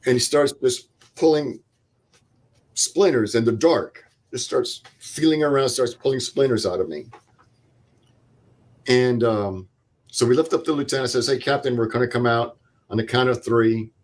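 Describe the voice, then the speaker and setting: A man's voice: medium pitch, moderate pace, pauses often. An older man, a veteran guest, telling a vivid step-by-step war story and acting out the dialogue. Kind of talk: interview storytelling.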